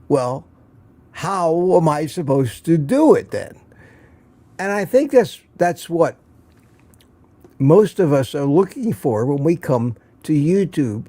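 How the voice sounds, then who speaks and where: Hosting a relaxed morning livestream, an older man speaks in a slightly high voice with a dark tone. His talk wanders in a musing way, a little breathless and broken up by sighs and fresh starts.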